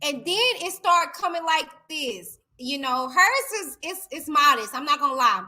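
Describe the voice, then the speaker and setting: A woman's voice: sits high, moderate pace. A woman hosting a casual live stream, chatting and reading out viewer comments, talking straight to her viewers. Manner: chatty, animated, addresses viewers directly as y'all.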